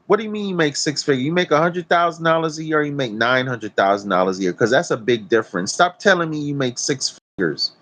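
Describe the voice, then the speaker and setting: Preachy swearing guy ranting into his phone outside, kinda high voice. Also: animated, quick pace, hardly any pauses, fairly bright tone. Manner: profane, preachy, emphatic. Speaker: vlogger. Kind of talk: blunt talk-to-camera rant. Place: outdoors in nature.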